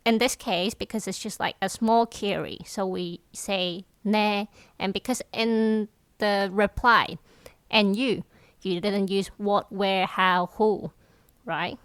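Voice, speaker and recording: A woman co-hosting a casual language lesson, explaining slowly with lots of fillers. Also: medium pitch, fairly even intonation, a bit bright, clean tone, no echo. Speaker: podcast co-host teaching Cantonese.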